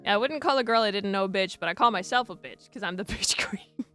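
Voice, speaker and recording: A woman's voice: mid-range voice, fast talker, pushed and bright, faint music behind. A woman streamer chatting casually, laughing often and swearing freely. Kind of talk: casual chat.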